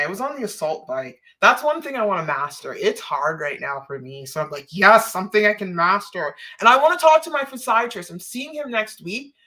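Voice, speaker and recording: A woman's voice: mid-range voice, sharp tone. A woman hosting a live stream, chatting casually and rambling, laughing often and answering viewer comments.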